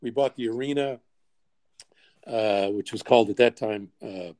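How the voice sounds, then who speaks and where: A man's voice: medium pitch, moderate pace, dry recording. Older guy, 60s, telling old stories with lots of chuckles, dry sound. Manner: chuckling, animated anecdotes. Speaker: podcast guest, sports executive. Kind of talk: storytelling interview.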